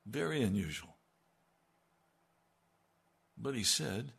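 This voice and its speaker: An older man preaching a sermon, slow and emphatic, with a gravelly voice. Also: fairly low pitch. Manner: slow and emphatic, rising in intensity when quoting God.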